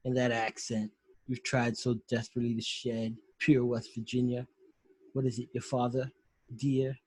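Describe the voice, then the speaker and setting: A cultured, menacing psychiatrist killer who takes his time with every cutting word, recited by a man. The voice is a little husky and sits in a dry, close space, at an ordinary middle pitch. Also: level tone, darkish tone, no room sound, natural voice, rough recording. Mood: taunting. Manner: slow, taunting recitation. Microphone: video call.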